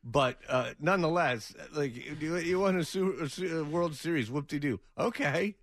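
A man's voice: fairly high pitch, normal speed, a bit bright, no echo. A man hosting a morning radio show, joking and laughing through casual banter.

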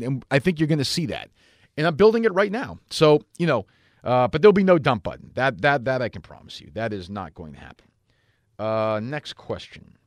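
A man's voice: mid-range voice, dry recording, clean studio sound. A man hosting a radio talk show, answering listener questions in a rambling, blunt and sometimes profane way. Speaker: radio host.

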